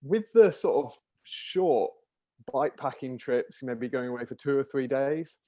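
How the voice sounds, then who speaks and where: A man's voice: medium pitch, unhurried, warm tone. A man with a mid-range voice makes his point on an online panel. He rambles casually, full of fillers, as if thinking aloud.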